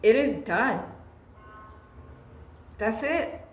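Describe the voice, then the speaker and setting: This tarot reader speaks extremely slowly in a fairly high, expressive voice, mixing the reading with personal chat. She comes across as earnest and emotional and frequently starts her sentences over. The low-quality recording has a roomy sound.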